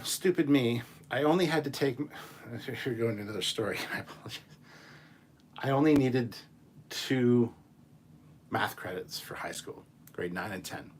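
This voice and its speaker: A man hosting a casual chat show, reading viewer messages and ranting in an animated, profane way. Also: fairly low pitch, a little hiss or hum. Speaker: channel host.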